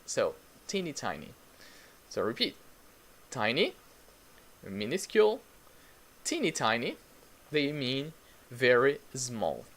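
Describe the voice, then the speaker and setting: A man's voice: medium pitch, big pitch swings, takes it slowly, pauses often, fairly bright tone. A man teaching English in a live online lesson, patiently repeating words for learners and greeting viewers in the chat.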